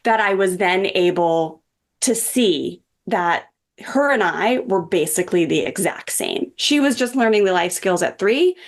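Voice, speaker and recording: A woman's voice: medium pitch, animated, measured pace. A woman in her forties, a parenting coach who is a guest on a podcast, tells a personal story in an earnest, chatty way with many "like" and "um" fillers. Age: 40s.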